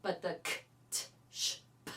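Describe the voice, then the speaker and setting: A woman from California, a voice teacher, leading a choir warm-up and calling out cues between sung drills. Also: measured pace. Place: teaching studio. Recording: voice from a distance over loud piano. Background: loud piano accompaniment.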